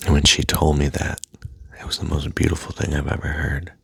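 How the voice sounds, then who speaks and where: A man speaking in a soft, halting personal monologue that often drops to a near-whisper, with a husky voice. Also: rumbling low, monotone, no room sound. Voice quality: husky, gravelly. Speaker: self-help speaker.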